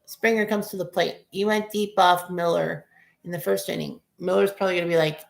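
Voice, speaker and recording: A woman's voice: lowish voice, fairly even intonation, a little fast, vocal fry, roomy sound. A woman in her forties giving casual, rambling play-by-play of a baseball game as a fan streamer, cursing at bad plays. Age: 40s.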